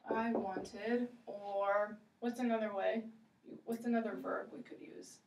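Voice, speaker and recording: A woman teaching English, slow and encouraging, repeating phrases for a learner. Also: mid-range voice, steady tone, gravelly, far from the mic, background noise. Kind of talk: ESL role-play lesson. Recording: echoey room, voice from afar.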